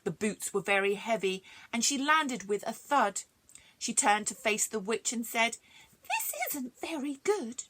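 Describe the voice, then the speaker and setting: A woman librarian reading rhyming stories aloud to children, expressive and chatty between verses. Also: medium pitch, measured pace, slight background noise. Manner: expressive, sing-song, chatty asides.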